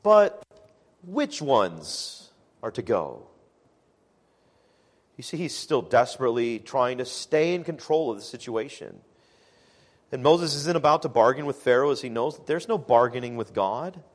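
A pastor preaches a sermon in a mid-range voice, measured and emphatic, slowing down to stress key phrases.

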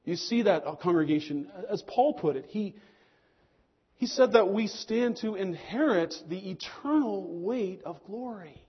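Husky-voiced preacher man, lo-fi. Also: lively intonation, measured pace. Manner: preaching with rising and falling emphasis, dropping low on key lines. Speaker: pastor. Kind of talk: sermon.

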